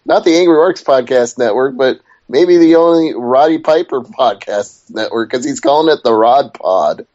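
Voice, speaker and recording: A male podcast co-host in casual chat, chatty and wandering off topic before reining it back in. His mid-pitched voice comes through dull, lo-fi podcast audio. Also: animated, normal speed, few pauses, darkish tone.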